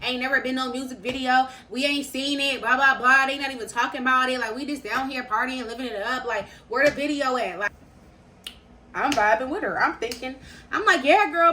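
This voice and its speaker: A young woman telling a story to her viewers in casual slang, animated and repeating phrases for emphasis. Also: high voice, a little hiss or hum. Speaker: storytime vlogger.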